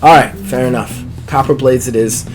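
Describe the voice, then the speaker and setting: A man's voice: mid-range voice, steady tone, moderate pace, music in the background, natural voice. A man voicing an earnest male time-traveling missionary in a tabletop game.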